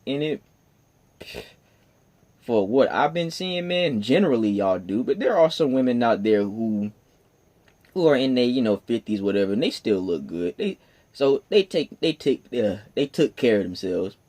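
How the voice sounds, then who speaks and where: A young man in his twenties rants on his own in the early morning. His talk rambles and stumbles and swears a lot. He jumps from loud, high, emphatic bursts to low asides he mutters. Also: animated, moderate pace. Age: 20s. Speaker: podcast host. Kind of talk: solo morning rant.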